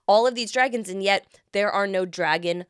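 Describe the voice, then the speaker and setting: An excitable woman co-hosting a comedy podcast, ranting casually with plenty of swearing. Her voice sits at a middle pitch and the sound is dry and close. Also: smooth, no room sound. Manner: excitable, swears freely, rants with quick bursts. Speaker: podcast co-host.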